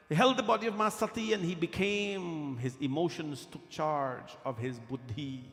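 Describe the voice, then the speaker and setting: A man's voice: a little high, moderate pace, hardly any pauses, fairly bright tone. A man preaching a devotional sermon in a temple, repeating phrases for emphasis. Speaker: pandit leading a katha. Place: temple hall. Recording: long reverb of a hall, with music.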